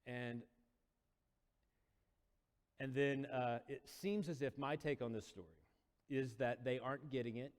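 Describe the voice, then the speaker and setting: A man's voice: mid-range voice, a little slow, pauses often. A male preacher retelling a Bible story in a casual, storytelling sermon, acting out quotes with rising intensity. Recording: long hall reverb.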